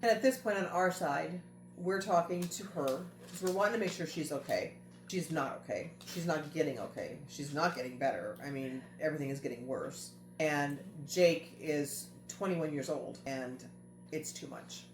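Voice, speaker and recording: An earnest woman host recounts a family story in casual chat, her voice sitting on the low side. She leans on repetition to stress her points. The room rings with echo, and faint music plays underneath. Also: normal speed. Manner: earnest, repeats phrases for emphasis.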